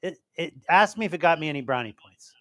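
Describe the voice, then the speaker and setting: A man's voice: on the high side, expressive, fast talker, bright, forceful tone, no echo. An older man hosting a call-in show, answering legal questions and then chatting and telling stories with acted-out quotes. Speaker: radio show host giving legal advice. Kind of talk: call-in advice and casual storytelling.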